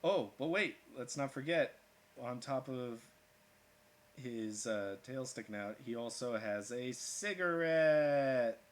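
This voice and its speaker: Slow, joking man streaming his drawing. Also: mid-range voice, expressive. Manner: playful, jokey, talks through each drawing step. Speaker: art streamer. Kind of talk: casual livestream commentary while drawing.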